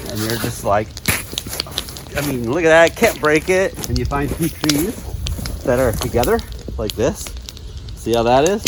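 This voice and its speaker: A man's voice: medium pitch, background noise. Chatty middle-aged man in snowy woods. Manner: chatty, rambling, jokey. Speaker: outdoors vlogger. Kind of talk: casual how-to vlog.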